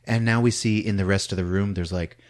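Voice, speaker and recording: A man casually recapping a horror film on a podcast, acting out shouts and sound effects and laughing as he goes. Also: low-pitched, fairly quick. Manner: animated retelling with acted-out shouts and sound effects; laughs often while talking. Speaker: podcast host.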